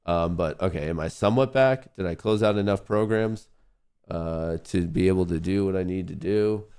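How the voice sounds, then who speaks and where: A man with a deep voice that has a gravelly, fry-laden edge. He hosts a live trading stream and thinks aloud to his viewers. He mutters to himself as he works at his computer. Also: moderate pace, a little mellow. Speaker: livestream host and day trader.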